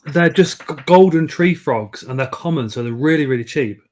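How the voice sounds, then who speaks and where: A man's voice: a little high, a little fast, a little mellow. A middle-aged man hosting a casual live stream, chatting and reading out viewer comments. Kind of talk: casual chat.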